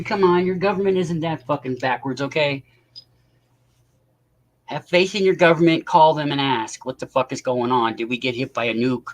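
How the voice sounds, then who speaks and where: A man's voice: on the high side, moderate pace. A man hosting a casual live stream, rambling and swearing in exasperation while he chats with viewers.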